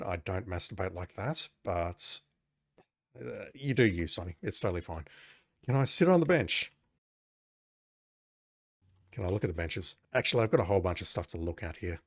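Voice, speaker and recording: A man's voice: deep voice, lively intonation, moderate pace, long pauses. A man playing an old adventure game, reading its text aloud and adding wry, joking asides. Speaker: game commentator.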